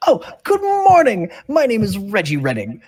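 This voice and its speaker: A man voicing a cheerful male gnome inventor and shopkeeper who talks high and excitedly and trips over his words. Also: normal speed. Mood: eager.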